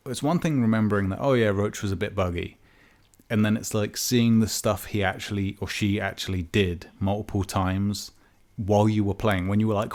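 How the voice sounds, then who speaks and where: A man co-hosting a casual gaming podcast, relaxed, thinking aloud and correcting himself as he goes. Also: lowish voice. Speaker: podcast co-host.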